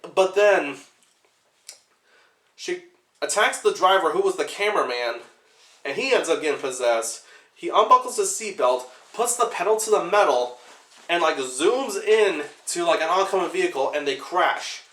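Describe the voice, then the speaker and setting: Young male reviewer, unscripted rambling commentary, a bit high-voiced, echoey room. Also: animated, sharp tone. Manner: rambling, fills every pause with "like". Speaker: movie reviewer.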